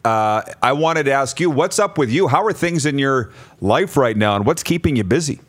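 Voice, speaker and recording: Upbeat talk show host. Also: male voice, mid-range voice, expressive, moderate pace. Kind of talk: casual talk show hosting.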